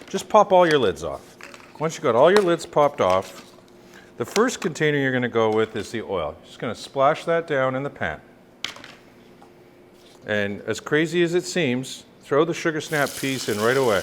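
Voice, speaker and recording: A man cooks at the stove and talks as he goes, loose and joking, like a chef walking viewers through a dish. His voice sits at a middle pitch. Frying and sizzling are clearly heard behind him. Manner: chatty, joking, lively asides. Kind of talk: cooking demonstration. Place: kitchen, cooking at the stove. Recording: sizzle and kitchen noise. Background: sizzling pan.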